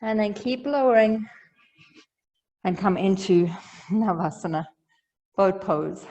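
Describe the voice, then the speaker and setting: Slow-paced woman guiding yoga, reverberant. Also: medium pitch, lo-fi sound. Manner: calm instructional cueing with light humor. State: a little out of breath. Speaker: yoga instructor. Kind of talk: guided yoga class cues.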